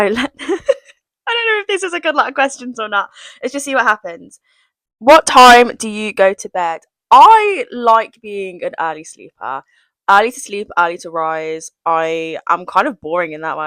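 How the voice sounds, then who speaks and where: Chatty young woman with lively pitch. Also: no echo, poor audio. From England, West Midlands. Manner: chatty and self-deprecating, with giggles and dips into whispers. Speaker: vlogger. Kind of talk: casual get-to-know-me vlog.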